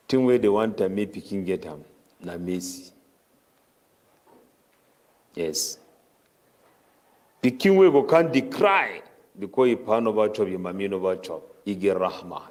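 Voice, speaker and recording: A man preaching a Ramadan tafseer sermon in Cameroonian Pidgin English, chanting Arabic verses rapidly between his explanations. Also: sits low, animated, darkish tone.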